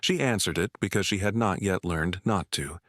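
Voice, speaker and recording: A man narrates a long story in a slow, measured manner. His voice sits low, and the recording is dry and close. The reading stays even throughout. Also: no room sound.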